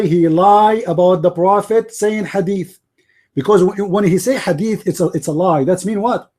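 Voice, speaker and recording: A man's voice: high-pitched, a little mellow. A man hosting a live debate, arguing emphatically and repeating his points to the viewers. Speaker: debate host.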